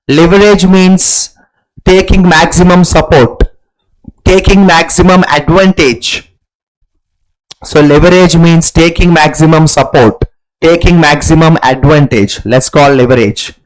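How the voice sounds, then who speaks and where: A man teaching an exam-prep class online, repeating key phrases over and over and clearing his throat often. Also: sits high, low-quality recording. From India. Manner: repetitive drilling, frequent throat-clearing. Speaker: English teacher.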